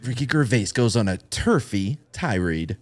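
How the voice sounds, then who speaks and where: A man co-hosting a casual podcast chat, lively and joking. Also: fairly low pitch, moderate pace, slight background noise. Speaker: podcast co-host.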